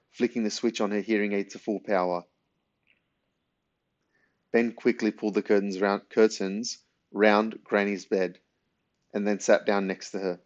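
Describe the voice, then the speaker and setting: A man narrating a children's novel in a steady storytelling manner. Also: fairly low pitch, normal speed, long pauses. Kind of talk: audiobook reading of a children's novel. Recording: dull lo-fi recording.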